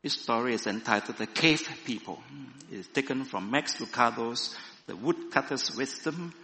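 A man preaching a sermon and reading a story aloud with slow, dramatic storytelling. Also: mid-range voice, lively intonation, bright, forceful tone. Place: church. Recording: echoey hall.

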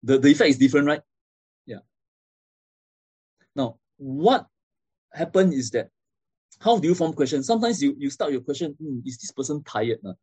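A man's voice: on the high side, lively intonation, normal speed, pauses often, a little mellow, husky, dry recording. A man giving a classroom lecture, explaining step by step and often checking in with "okay?" and "right?".

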